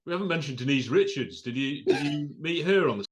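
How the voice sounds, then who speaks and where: A man's voice: on the high side, lively intonation, brisk, muffled recording. A male interviewer who chips in and teases the guest in casual chat. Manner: chips in, teasing.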